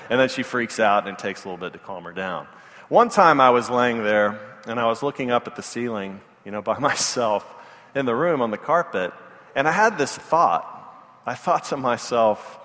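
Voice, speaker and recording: A man's voice: mid-range voice, expressive, a little fast, fairly bright tone. Man preaching in a reverberant church. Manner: storytelling, self-deprecating and earnest. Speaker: pastor. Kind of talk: sermon.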